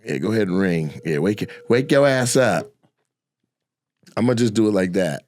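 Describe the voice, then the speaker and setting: A man co-hosting a comedy podcast, telling a story in a crude, animated way with frequent laughter. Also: on the low side, normal speed. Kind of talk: casual chat, storytelling.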